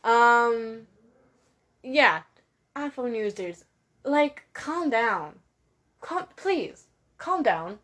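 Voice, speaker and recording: A teenage girl giving a sassy, animated rant to her viewers, with laughing asides. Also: on the high side, drawn-out words, long pauses. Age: teens. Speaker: vlogger. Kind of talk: casual rant to camera.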